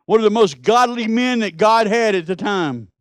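A man's voice: high voice, lively intonation, moderate pace, smooth, no echo, clean studio sound. A middle-aged man, preaching a sermon and telling Bible stories with rising, emphatic peaks. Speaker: pastor.

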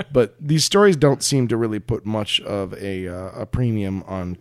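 A man's voice: fairly low pitch, measured pace, a little mellow, no room sound. A man co-hosting a comedy podcast, bantering sarcastically in casual chat. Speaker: podcast co-host.

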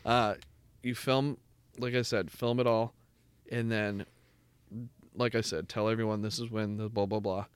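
A man's voice: fairly low pitch, flat delivery, a little slow, pauses often, smooth, no room sound. A young man co-hosting a casual podcast with his brother, rambling through stories with lots of fillers. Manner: rambling, filler-heavy storytelling. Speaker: podcast co-host. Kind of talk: casual chat between brothers.

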